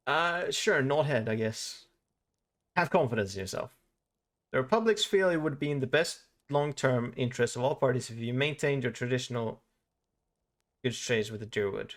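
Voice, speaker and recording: A man's voice: medium pitch, normal speed. A man streaming a video game, chatting casually, swearing often and reading the game's text aloud. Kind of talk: casual live-stream commentary.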